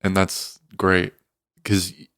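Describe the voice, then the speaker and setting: Deep, flat-voiced man. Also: takes it slowly, smooth, no echo, clean studio sound. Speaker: podcast co-host. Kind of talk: casual podcast chat.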